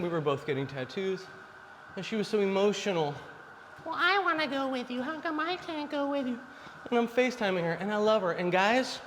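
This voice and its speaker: Speaking a little high, a forties-aged man lectures male viewers on dating in a blunt, preachy yet casual talk aimed directly at the camera. He sounds like he's in a large hall, with slight background noise.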